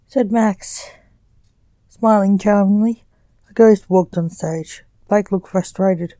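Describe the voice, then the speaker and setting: Slow, dark-voiced woman storyteller. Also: mid-range voice, flat delivery, no echo. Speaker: author and narrator. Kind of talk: storybook reading.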